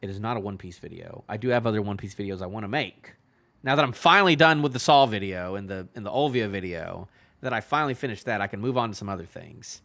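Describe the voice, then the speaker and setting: A man hosting a reaction video in casual solo commentary, rambling and filling his talk with "you know", often trailing off in a low-key way. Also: lively intonation, quick pace, gravelly, fairly bright tone. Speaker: manga reaction channel host.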